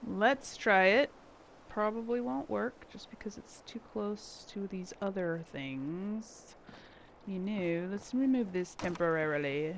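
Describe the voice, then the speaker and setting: Slow, gravelly woman thinking aloud. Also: medium pitch, animated, a little hiss or hum. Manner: thinking aloud, muttering to herself while building. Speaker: gameplay channel host. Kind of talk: casual gameplay commentary.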